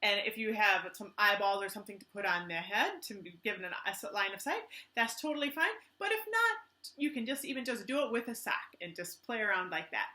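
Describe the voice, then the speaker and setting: A woman who is a teaching artist, giving a children's art lesson in an enthusiastic, gently instructive way. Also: medium pitch, expressive, brisk.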